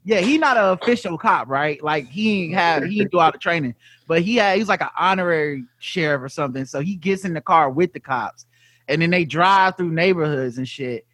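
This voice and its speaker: A high-voiced man tells a story in casual comedic chat. He is animated and swears freely. His voice is dry and close, with no room sound. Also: fairly quick, no room sound.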